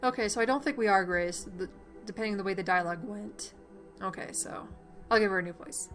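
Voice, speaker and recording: A woman's voice: medium pitch, fast talker, fairly bright tone, faint music behind. A woman streamer reading visual novel dialogue aloud, swearing casually and cutting in with her own asides. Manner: swears casually, jumps between voices and asides.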